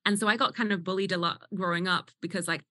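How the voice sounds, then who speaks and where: Bright well-spoken English woman. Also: on the low side, steady tone, fast talker, no echo, clean studio sound. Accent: well-spoken northern English. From England. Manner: chatty, laughs often. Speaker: guest. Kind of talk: casual chat.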